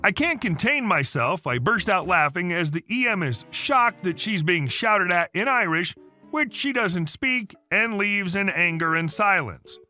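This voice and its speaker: Bright, high-voiced male story narrator. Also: lively intonation, unhurried, soft background music. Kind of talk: reading a story aloud.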